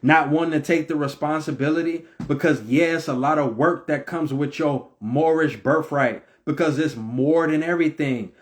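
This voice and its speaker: Man, preachy and repetitive, fairly high-pitched, impassioned monologue. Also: normal speed, few pauses. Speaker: religious commentator.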